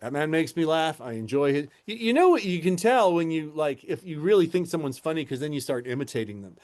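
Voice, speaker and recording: Wry, slightly higher-voiced male guest. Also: big pitch swings, brisk, darkish tone. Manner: wry, hesitant, word-searching. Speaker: podcast guest. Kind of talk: casual podcast chat.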